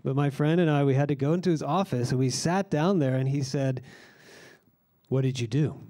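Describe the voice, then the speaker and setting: A man delivering a sermon in a mellow, warm voice that sits a little higher than most men's. He teaches earnestly and slows down to lean on the phrases that matter. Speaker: pastor.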